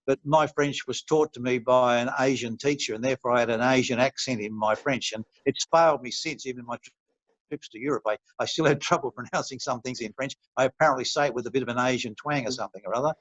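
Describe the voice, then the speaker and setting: This older man, a retired referee from Australia, speaks at a quick clip with medium pitch and a fairly bright tone, though the recording is dull with no room sound. Chatty and anecdotal as an interview guest, he rambles through relaxed stories, chuckling and restarting often.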